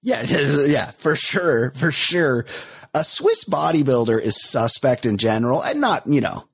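A man's voice: mid-range voice, lively intonation, unhurried, breathy edge, no echo. A man hosting a comedy podcast, riffing and joking crudely in casual chat.

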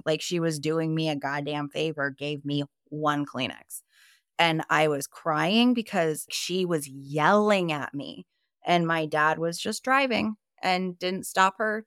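A woman from Iowa talks as a podcast guest, recounting her story with candid emphasis. She swears freely as she speaks. Her voice sits low and the sound is dry and close. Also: steady tone, a little slow, fairly bright tone, clean tone, no echo. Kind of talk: personal storytelling in a conversation.

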